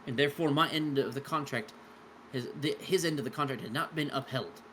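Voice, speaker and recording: A man's voice: medium pitch, brisk, fairly bright tone, slight background noise, lightly acted. A man voicing an aggrieved male devil who insists his contract was broken, with a put-on Southern US accent. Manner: insistent, formal complaint.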